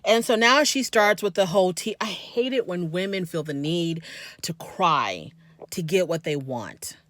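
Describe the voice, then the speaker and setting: A woman's voice: lowish voice, lively intonation, unhurried, a bit bright, no room sound. A woman hosting a casual recap of a reality TV episode, chatty and opinionated, talking straight to her viewers. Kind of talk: casual commentary.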